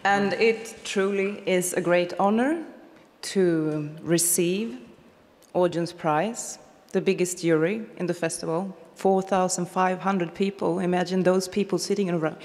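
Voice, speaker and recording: A woman, an actress giving a measured, lightly humorous acceptance speech. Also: lowish voice, fairly even intonation, a little mellow. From Sweden. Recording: long theatre reverb with faint background noise.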